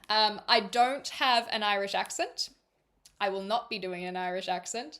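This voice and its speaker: A woman's voice: medium pitch, normal speed, fairly bright tone. A woman streamer reading a book aloud on a livestream, giggly and stumbling over names.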